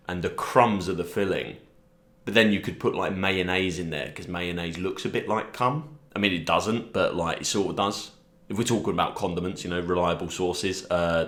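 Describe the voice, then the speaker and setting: A young man rambling through a deadpan, self-deprecating comic monologue, pitching silly character ideas. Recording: roomy echo.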